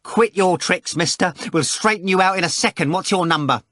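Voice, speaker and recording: A man voicing an explosive, hot-tempered male theatre manager who yells and roars in a rage. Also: on the low side, huge pitch swings, fairly quick, husky, dry recording, studio quality, exaggerated voice. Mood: enraged yelling. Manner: yelling, roaring in a rage.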